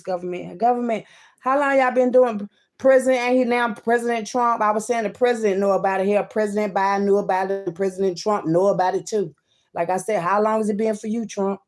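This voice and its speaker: A woman giving a card-reading monologue, swinging between loud outbursts and hushed asides and calling her listeners "baby" and "child". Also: medium pitch. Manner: talks to viewers as "baby" and "child".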